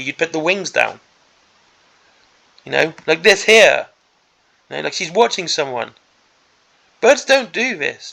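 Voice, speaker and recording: A man with a gravelly, crackly edge to his voice that sits a little high for a man. He has a bright, sharp tone. He rants through a preview in an exasperated, sarcastic way. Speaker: miniatures hobby channel host. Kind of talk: ranting preview commentary.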